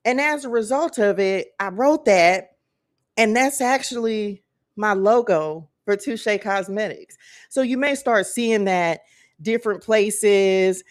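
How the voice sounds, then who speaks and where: A woman's voice: mid-range voice, takes it slowly. Chatty woman livestreaming. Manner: chatty, emphatic, repeats phrases and addresses viewers as y'all. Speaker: host. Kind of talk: casual faith livestream chat. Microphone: phone camera.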